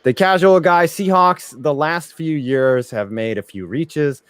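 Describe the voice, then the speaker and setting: A man's voice: on the high side, unhurried, clear, resonant tone, no echo. A man hosting a casual live reaction stream, joking around and reading viewer messages aloud. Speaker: livestream host.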